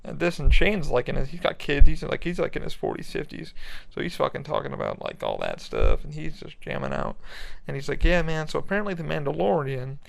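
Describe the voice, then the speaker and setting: A young man podcasting solo from his bedroom, with a gravelly voice that sits a touch high. He rambles loosely, swears freely and laughs at his own asides. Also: huge pitch swings, a little fast, a little hiss or hum. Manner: rambling, profane, laughs often. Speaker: podcast host. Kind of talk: casual solo chat. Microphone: laptop recording.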